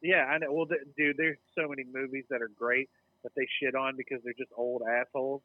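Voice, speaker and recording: A man's voice: mid-range voice, a little fast, no echo, phone-quality sound. A man co-hosting a casual podcast chat, swearing freely and getting worked up as he talks. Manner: excitable, profane, gets worked up. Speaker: podcast co-host.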